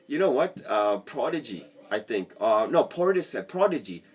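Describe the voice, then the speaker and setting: A man's voice: medium pitch, big pitch swings, normal speed, slightly rough. A man giving a casual, rambling sales lesson to camera from his basement apartment and often drifting off on tangents. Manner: rambling, chatty, goes off on tangents. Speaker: sales trainer.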